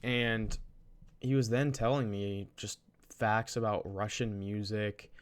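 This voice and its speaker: Low-voiced young man telling a story. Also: steady tone, slow, clean tone. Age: young adult. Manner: rambling, with many restarts and slang. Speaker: vlogger. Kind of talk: casual storytime.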